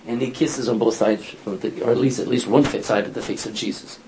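A man's voice: medium pitch, moderate pace, slight background noise. A man leading an informal Bible study, telling the stories in a chatty way, acting out the lines and correcting himself as he goes. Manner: animated, chatty storytelling with self-corrections and laughs.

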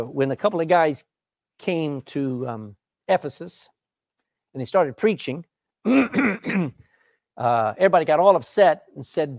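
A man preaches with animated, emphatic delivery, moving between scripture reading and explanation. His pitch swoops widely. He clears his throat often, and the recording is dry and close. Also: no room sound. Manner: animated, emphatic, reads old-style scripture then explains.

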